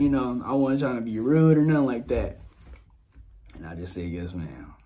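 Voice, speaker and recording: A young man from Louisiana hosting a podcast, sharing a casual personal testimony, animated and laughing often as he talks straight to his listeners. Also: medium pitch, moderate pace. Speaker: podcast host. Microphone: dynamic mic on boom arm.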